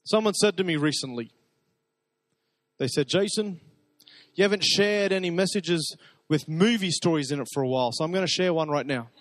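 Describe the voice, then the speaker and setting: A man preaching a sermon, telling stories in a conversational way and dropping to soft, intimate repetitions. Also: a little high, normal speed, long pauses, dry recording. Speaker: pastor.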